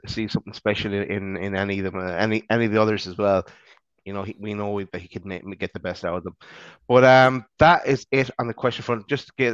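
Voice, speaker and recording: A man chatting on a fan podcast, with a smooth, resonant voice at a middling pitch. He rambles through plugs and restarts his sentences often. The sound is dry and dull, like lo-fi call audio. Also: dry recording. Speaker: podcast co-host. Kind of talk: casual fan-show chat.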